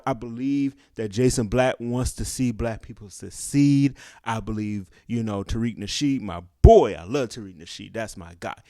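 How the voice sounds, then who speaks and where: A man's voice: mid-range voice, warm tone, dry recording, studio quality. A young man giving a passionate, preachy opinion commentary, often asking "guess what?" to drive his point home. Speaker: commentary vlogger.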